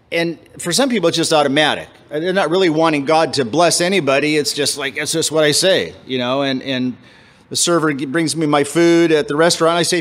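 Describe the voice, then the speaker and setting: Man preaching a casual, halting sermon. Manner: casual, halting, with many restarts and fillers; acts out quoted voices with jumps in pitch. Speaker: pastor. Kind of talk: conversational sermon.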